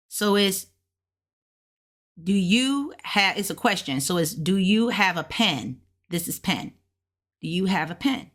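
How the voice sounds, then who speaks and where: A woman reviewing beginner flashcards out loud, thinking aloud in a relaxed, colloquial way and slowly repeating words to practise them. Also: medium pitch. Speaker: language learner reviewing flashcards. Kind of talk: casual self-study walkthrough.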